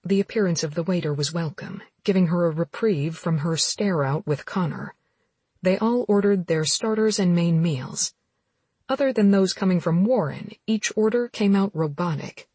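Woman audiobook narrator, husky low voice, dry close mic. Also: normal speed, a little mellow, dry recording. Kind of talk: scripted romance narration.

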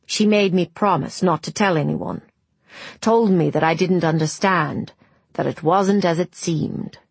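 Woman doing a gruff old village man. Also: fairly low pitch, unhurried, no echo, exaggerated voice. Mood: bitter. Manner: blunt, clipped, grumbling.

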